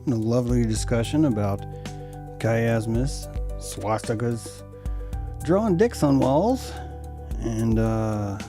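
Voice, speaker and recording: A man's voice: animated, slow, long pauses, music in the background. Musing man hosting a casual radio talk. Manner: musing, playful, acts out bird calls in a high voice. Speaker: radio show host. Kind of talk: casual discussion.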